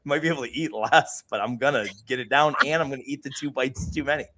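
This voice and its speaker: A man's voice: medium pitch, background noise. A man co-hosting a podcast in casual chat, joking and laughing often, sick with a cough. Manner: jokey, quick to laugh, repeats himself. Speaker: podcast co-host.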